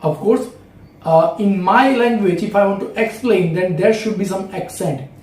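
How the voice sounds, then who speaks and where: A man's voice: high-pitched, moderate pace, darkish tone, roomy sound, far from the mic, low-quality recording. A man with an Indian English accent giving a step-by-step video lesson as an English exam tutor, repeating key phrases.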